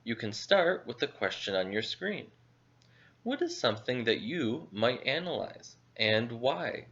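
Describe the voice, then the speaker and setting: A man presenting a scripted vocabulary lesson as an English teacher, speaking with slow, deliberate enunciation. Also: mid-range voice, sing-song, a bit bright. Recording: dull lo-fi audio.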